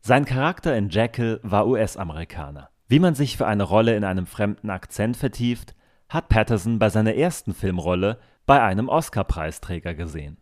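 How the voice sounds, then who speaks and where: Low-voiced male documentary narrator. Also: lively intonation, fairly quick, darkish tone.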